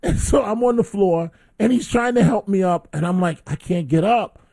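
A man's voice: sits high, moderate pace, creaky, dark tone. A middle-aged man hosting call-in talk radio, telling stories animatedly and laughing at himself. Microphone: studio microphone.

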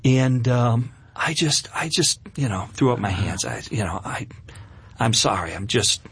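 A middle-aged man shares his own story in an interview, earnest and candid, stumbling over restarts as he goes. His voice moves a great deal in pitch and has a husky grain. The sound is dry and close. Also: expressive, a little slow, a bit bright, no echo. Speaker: guest. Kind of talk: personal testimony in an interview.

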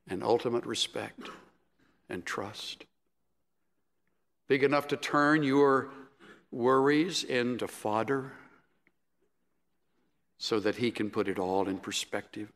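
A male pastor preaching a sermon in a measured, emphatic way. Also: lowish voice, a bit bright. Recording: echoey hall with long reverb.

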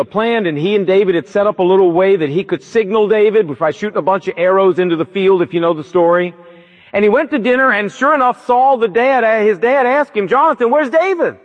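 A man's voice: high-pitched, brisk. Male pastor, emphatic sermon delivery, storytelling, long hall reverb, dull lo-fi sound.

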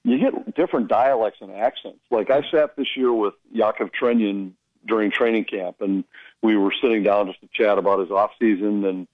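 A man who works as a hockey broadcaster, telling stories in casual radio chat with an animated, amused manner. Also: on the low side, normal speed, no room sound, phone-quality sound.

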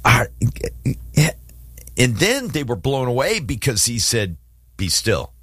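A man's voice: mid-range voice, slow, dry recording, studio quality. A man hosting a casual faith talk show, telling stories with animation and acting out scenes as he goes. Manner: animated, storytelling, dramatizes scripture scenes. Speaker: host.

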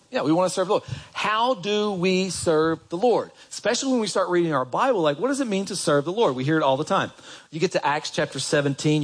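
A man preaching a sermon in a conversational way, putting questions to the congregation. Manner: animated, jumps up in pitch for emphasis. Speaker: pastor.

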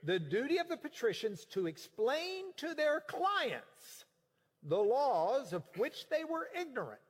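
A preacher man teaches scripture in an animated, emphatic way. His voice sits high and swings widely in pitch. The sound rings with a long hall reverb. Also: a little slow, husky. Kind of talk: sermon-style Bible teaching.

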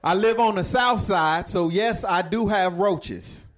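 High-voiced laid-back male stand-up comic. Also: slow pace. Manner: laid-back storytelling with vernacular speech. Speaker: stand-up comedian. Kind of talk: stand-up comedy set.

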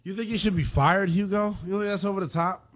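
A man hosting a call-in sports radio show, ranting in a slangy, animated way. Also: sits high, fast talker.

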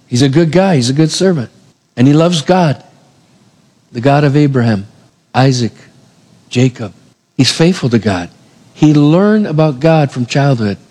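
A man preaching a sermon, retelling scripture with animated storytelling and acting out the characters' lines. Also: fairly high pitch. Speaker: pastor. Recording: long hall reverb.

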